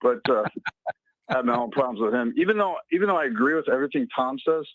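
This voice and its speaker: A man calling in to a talk radio show, fired up and talking fast, heard over a phone line. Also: medium pitch, animated, dry recording. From San Diego area. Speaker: caller. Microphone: telephone.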